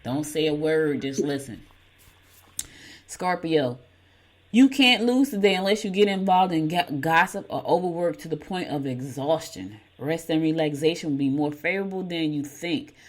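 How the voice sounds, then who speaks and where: A woman's voice: low voice, lively intonation, moderate pace. A middle-aged woman, hosting a morning show, reading horoscopes and telling folksy stories while laughing at herself. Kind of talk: casual chat and horoscope reading.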